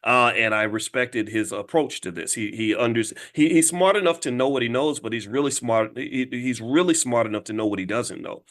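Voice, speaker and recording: A middle-aged man hosting an online show, giving fast live-stream commentary and acting out quoted voices with big jumps in pitch. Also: fairly bright tone.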